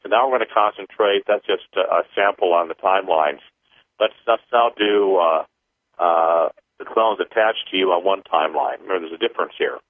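Halting low-voiced man on a phone line. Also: dry recording. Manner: halting, many fillers and restarts. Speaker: radio show co-host. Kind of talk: casual paranormal talk and guided counting session. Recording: tinny phone-line sound, dry.

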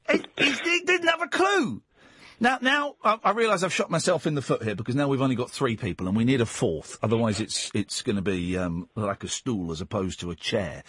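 A man hosting late-night talk radio from a studio, exasperated and bossy with his callers, quick to laugh. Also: mid-range voice, big pitch swings, fairly bright tone, slightly rough, no room sound. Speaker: radio host. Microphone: studio microphone.

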